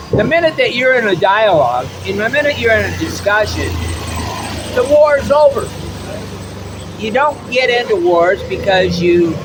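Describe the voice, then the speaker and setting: A man's voice: high-pitched, background noise. A middle-aged American man giving a blunt, rambling opinion monologue, often repeating his words. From United States. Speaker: travel vlogger.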